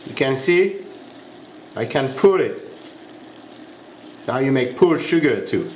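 A man's voice: medium pitch, lively intonation, unhurried, a little mellow, roomy sound, slight background noise. A man with a French accent, a pastry chef giving a step-by-step cooking demonstration in a kitchen. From France. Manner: instructive, step-by-step, checks in with "huh?".

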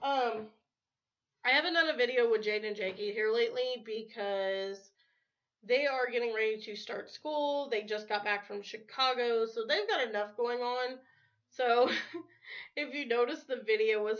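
A woman's voice: fairly high pitch, unhurried, a bit bright. Chatty woman vlogging on a lo-fi recording. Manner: chatty, laughs often between words. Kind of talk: casual rambling vlog chat. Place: at home. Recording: dull lo-fi home recording.

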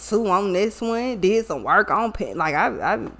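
A woman's voice: mid-range voice, unhurried. Blunt, profane woman reading tarot. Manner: animated, trailing off into asides. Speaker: tarot reader. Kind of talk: casual tarot reading to viewers.

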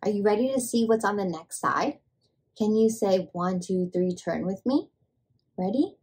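A woman's voice: medium pitch, expressive, moderate pace, a little mellow, husky. A woman presenting to toddlers, naming farm toys in a playful sing-song way and making animal sounds. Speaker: children's presenter.

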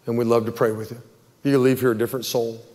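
Earnest pastor in a reverberant church. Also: male voice, mid-range voice, flat delivery, fast, darkish tone. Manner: earnest, pleading, acts out worried voices. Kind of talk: sermon altar call and prayer. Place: church sanctuary. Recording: long hall reverb.

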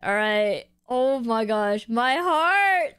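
A young woman streaming her game pulls, excitable, gasping and shrieking as she reacts to her chat. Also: fairly high pitch, drawn-out words, clear, resonant tone, no echo, shouting. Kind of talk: live-stream gacha reactions.

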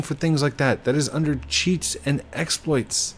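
A man's voice: on the high side, steady tone, measured pace, few pauses. A man doing casual gameplay commentary, apologetic yet firm as he lectures players about rule breaking. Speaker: gaming YouTuber.

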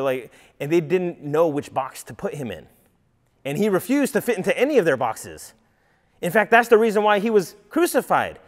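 Man, preacher, conversational sermon, fillers, acted quotes, echoing church hall. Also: on the high side. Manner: conversational, acts out quoted voices, many fillers. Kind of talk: casual sermon teaching. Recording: long hall reverb.

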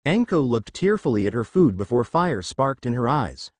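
A man's voice: medium pitch, very animated, moderate pace, a little mellow, no room sound. A man narrating a story, reading it out expressively.

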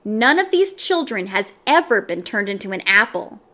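A woman voicing a friendly young male yard teacher who tells a story to a class with patient, lively storytelling. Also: medium pitch, moderate pace.

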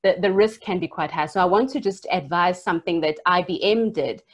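Woman, a low-ish voice, earnest advising panelist on a video call. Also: brisk. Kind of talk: online panel discussion.

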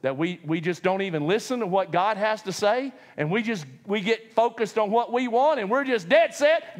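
A man's voice: high voice, animated, normal speed, hardly any pauses, long reverb tail. A man preaching a sermon, telling the story with humor, acting out voices and laughing often.

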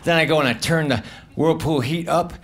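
A man doing a stand-up comedy set on a club stage, delivering deadpan, offhand one-liners into a handheld mic. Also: brisk. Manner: deadpan, offhand one-liners, drifts into low muttered asides. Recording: live club recording with audience noise. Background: audience laughter.

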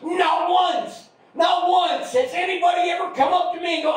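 A middle-aged man doing an open mic stand-up set, shouting his crude punchlines. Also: very high-pitched, fairly even intonation, moderate pace, hardly any pauses. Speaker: stand-up comic. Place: comedy club stage. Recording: echoey club, far from the mic.

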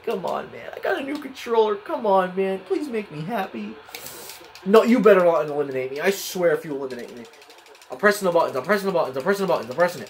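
A young man giving excitable, frustrated live commentary while playing a wrestling video game at home, often yelling at the screen. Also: high voice, quick pace, slight background noise. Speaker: gaming channel host. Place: home, at a desk in a spinning chair.

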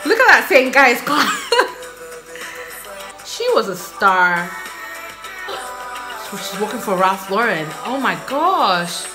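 A woman hosting a reaction video, gushing and excitable in casual commentary. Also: fairly high pitch, slow pace, pauses often, music in the background. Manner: gushing, excitable, exclaiming and laughing.

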